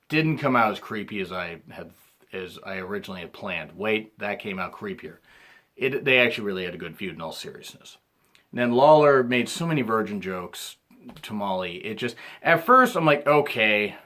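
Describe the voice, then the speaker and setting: Man clearing his throat through a rambling recap. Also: fairly low pitch, animated, moderate pace, pushed and bright. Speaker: wrestling reviewer. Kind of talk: casual recap commentary.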